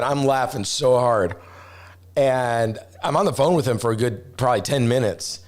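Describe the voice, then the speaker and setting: A man's voice: mid-range voice, moderate pace. Rambling middle-aged man telling a story. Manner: animated, rambling with restarts, acts out quoted voices. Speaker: travel vlogger. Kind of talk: casual storytelling.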